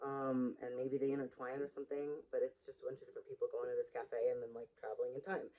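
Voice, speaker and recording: A book vlogger talks casually to camera in a rambling, chatty way, drifting from thought to thought and laughing at their own jokes. Their mid-range voice is mellow and fairly flat in pitch, and they speak quickly. It's a rough recording from a built-in camera mic.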